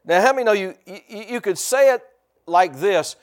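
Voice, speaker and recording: This is a man preaching from the pulpit, with a voice sitting a little higher than most men's. He leans hard on call-and-response and keeps coming back to the same phrases. He slows right down whenever he wants a word to land. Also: lively intonation. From United States. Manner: slows down to stress key words. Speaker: pastor. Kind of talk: sermon.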